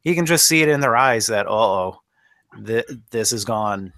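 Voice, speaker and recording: A man's voice: lowish voice, lively intonation, moderate pace, fairly bright tone, no room sound, studio quality. A man co-hosting a podcast, chatting casually about an episode in an enthusiastic, nerdy way. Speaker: podcast co-host. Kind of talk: casual chat.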